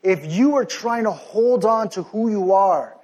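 A young man delivering a sermon in a high, light voice. He preaches with fervent intensity, building to loud, insistent commands. Between them he eases into quieter, self-deprecating asides. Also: expressive, unhurried. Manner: passionate, rising to near-shouting then softening to sheepish asides.

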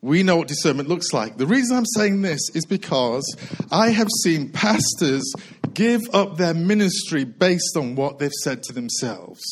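A middle-aged man delivers a sermon from the pulpit with a rather high voice. He is slightly out of breath and keeps circling back to the same lines, stretching them slowly for weight. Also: animated, poor audio. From United Kingdom. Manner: earnest preaching with repetition and slow emphatic phrases. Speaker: pastor.

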